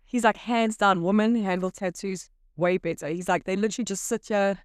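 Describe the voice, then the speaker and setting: A woman co-hosting a casual podcast chat, an animated storyteller who often quotes other people. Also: medium pitch, a little fast, no room sound, studio quality. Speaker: podcast co-host.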